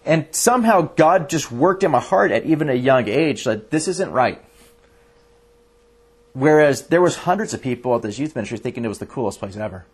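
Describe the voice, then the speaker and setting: A man's voice: mid-range voice, normal speed, slightly rough. A man preaching a sermon as a pastor, telling stories earnestly and often restarting his sentences. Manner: earnest, animated storytelling with frequent restarts.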